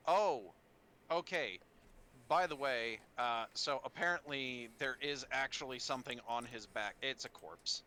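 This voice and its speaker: Chill guy dm, slow talker, bright voice, faint hiss behind. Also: medium pitch. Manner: relaxed, chuckling, baby-talks to his cat. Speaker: dungeon master. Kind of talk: running a tabletop game over voice chat.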